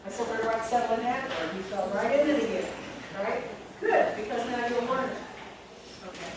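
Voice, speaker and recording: A woman teacher trainer leading a phonics lesson for teachers, slowly enunciating words and checking in with "okay?". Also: a little high. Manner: slow, deliberate word-by-word enunciation with frequent "okay?" checks. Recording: echoey room from far off, noisy.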